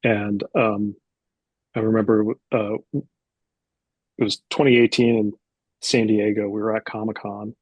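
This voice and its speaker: A man in his forties tells a story, his low voice slightly husky and recorded dry and close. He slips into bits of acted-out dialogue within a relaxed, casual telling. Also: a little slow, long pauses, no room sound. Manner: animated anecdote teller, acts out dialogue. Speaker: publisher, guest.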